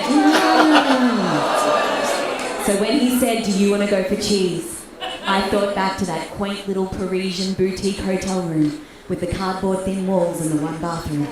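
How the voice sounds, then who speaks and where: Brash Australian woman doing stand-up. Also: mid-range voice. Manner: brash, animated storytelling with acted-out quotes. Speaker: stand-up comedian. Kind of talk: stand-up comedy set. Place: comedy club stage. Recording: echoey room heard from far off. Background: audience laughter.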